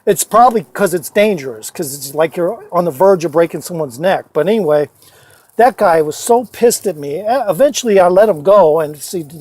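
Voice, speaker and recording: Guy with a high voice rambling into his phone, swears a lot, lots of uh and you know. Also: animated, moderate pace, a little mellow, dry recording. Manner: profane, rambling, many fillers and restarts. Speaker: storyteller vlogger. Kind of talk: casual rambling storytelling.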